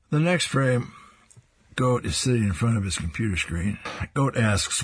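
A man's voice: medium pitch, lively intonation, a little slow, husky. A man reading comic strips aloud and describing each panel, chuckling between strips.

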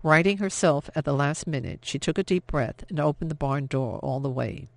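In this audiobook, a male narrator delivers the scripted text evenly and deliberately. The recording is close-miked and dry, without echo, picking up his fairly high, gravelly voice.

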